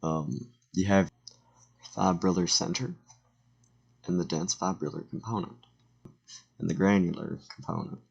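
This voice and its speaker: A teenage boy with a low, gravelly voice narrates a school slideshow into a home computer mic. He stumbles over words, corrects himself, and slips in joking asides. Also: steady tone, a little slow, long pauses, dull audio. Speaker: student presenter.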